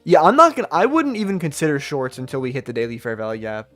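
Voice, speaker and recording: Hosting his trading stream, a young man reads viewer comments in playful slang and fires back quick laughs at the chat. His pitch is fairly high, his intonation lively, his tone a bit bright. Music sits faintly behind his voice.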